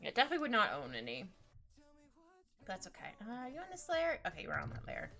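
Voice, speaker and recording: A woman chatting casually with her stream while she draws, rambling, giggly and easily excited. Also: on the high side, quick pace, soft background music. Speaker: streaming artist.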